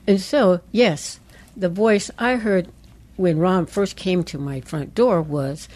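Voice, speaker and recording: A middle-aged woman co-hosting a call-in radio show, telling a personal testimony with lively storytelling and quoted voices. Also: on the low side, slow. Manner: animated storyteller, quoting voices she heard. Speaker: pastor's wife and co-host.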